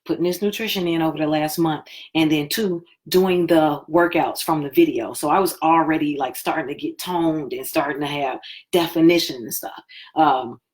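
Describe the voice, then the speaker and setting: Woman telling her story, lowish voice. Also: normal speed. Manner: chatty, animated, acts out quoted talk. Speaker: live stream host. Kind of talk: casual personal storytelling.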